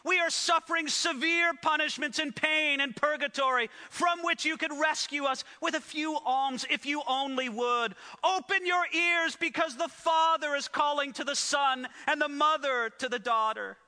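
A fervent medieval indulgence preacher , put on by a man, raising his voice high and loud in a pushy plea. The tone is piercingly bright, and a long hall echo trails every phrase. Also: normal speed, hardly any pauses, full character voice. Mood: fervent pleading. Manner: loud pleading sales pitch. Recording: echoey hall.

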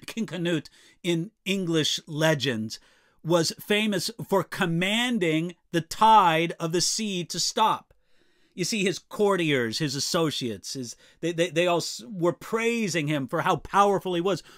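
A man's voice: on the high side, lively intonation, measured pace, a bit bright. A man preaching a sermon, earnest and emphatic, quoting and repeating scripture lines with occasional restarts.

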